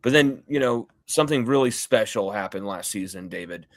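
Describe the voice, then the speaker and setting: A man hosting a sports interview show, recapping plays quickly and repeating words as he goes. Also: on the low side, expressive, dry recording.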